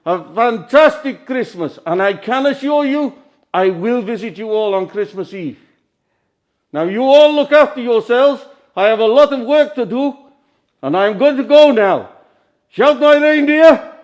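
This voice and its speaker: A man playing a jolly, grand old Father Christmas, speaking slowly and theatrically. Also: lively intonation. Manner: slow, booming, theatrical.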